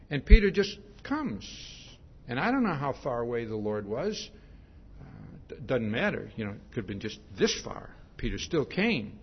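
A man preaching a sermon in a relaxed, conversational way, retelling a story with animated asides and frequent restarts. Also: a little high, moderate pace, husky. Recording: dull lo-fi recording.

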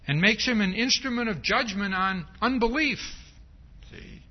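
Captured in a dull, lo-fi recording, a preacher with a high voice talks a little slowly. He drives his sermon home emphatically with repeated rhetorical "see?" and performs the lines he quotes.

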